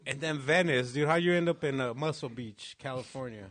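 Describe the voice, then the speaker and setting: A man's voice: medium pitch, a little fast, a bit bright. A man co-hosting a casual comedy podcast, joking and swearing with lots of slang. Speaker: podcast co-host. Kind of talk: casual stoner podcast chat.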